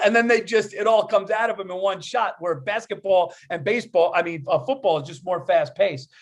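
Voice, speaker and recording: A man co-hosting a podcast, talking in an excitable, profane way and laughing mid-sentence. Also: sits high, fairly quick, hardly any pauses. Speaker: podcast co-host. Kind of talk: casual chat.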